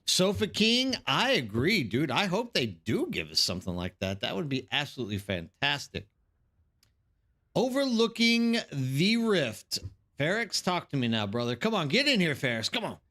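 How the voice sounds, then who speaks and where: A man's voice: mid-range voice, sing-song, brisk, few pauses, bright, forceful tone. A man streaming a game live, chatting casually and rambling to his viewers, calling them by name.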